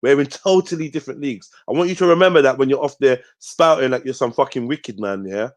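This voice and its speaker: A man's voice: mid-range voice, fast talker. A man hosting a live panel show, arguing confrontationally, swearing a lot and punctuating his points with "yeah?". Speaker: host. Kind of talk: heated live panel debate.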